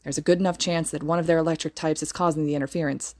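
A woman's voice: sits low, steady tone, very fast, close to an everyday voice. A woman doing a stern, curt male teacher. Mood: commanding. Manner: curt, commanding. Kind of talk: podfic reading.

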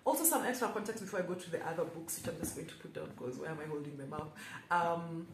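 A woman's voice: deep voice, quick pace, background noise. Chatty woman, echoey room. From Kenya. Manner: chatty, self-mocking, playful asides. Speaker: booktuber. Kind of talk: casual book haul vlog. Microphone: camera held by someone else.

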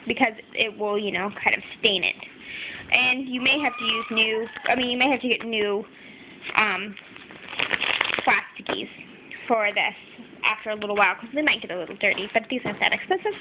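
A young woman chatting casually through a home craft video, apologetic and full of fillers. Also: on the high side. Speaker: craft vlogger. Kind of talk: casual show-and-tell narration. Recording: tinny phone-like audio with faint background noise. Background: crying baby.

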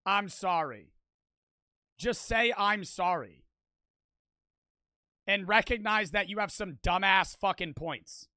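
A man's voice: sits high, takes it slowly, pauses often, sharp tone, no echo. A teenage boy streamer giving heated, profane reaction commentary, packed with "like" fillers. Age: teens.

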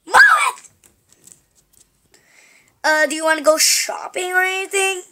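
A girl acting out goofy home-made comedy skits, giggly and playful with mock shouting. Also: extremely high pitch, fairly even intonation, a little fast, a little hiss or hum. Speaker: skit maker.

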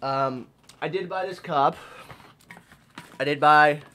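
A young man with a somewhat high voice, a little out of breath, talks through his purchases in a loose, rambling vlog. He fills his sentences with "uh" and "um" and keeps a casual, friendly flow as he recaps the trip. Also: slow, pushed and bright. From Arkansas. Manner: chatty, rambling, with fillers. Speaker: vlogger. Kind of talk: casual vlog haul talk.

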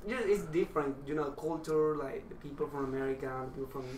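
A man chats as a guest on a podcast, speaking English with non-native phrasing. He sits away from the mic in an echoey room, his voice a bit high, with a faint hiss of noise underneath. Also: fast talker, darkish tone, recorded from a distance. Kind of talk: casual chat.

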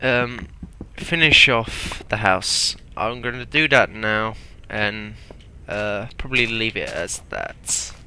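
A man's voice: fairly low pitch, takes it slowly, few pauses, pushed and bright, a little hiss or hum. A young man rambling and mocking himself as he plays a block-building game. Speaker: gameplay commentator. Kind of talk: casual Let's Play commentary.

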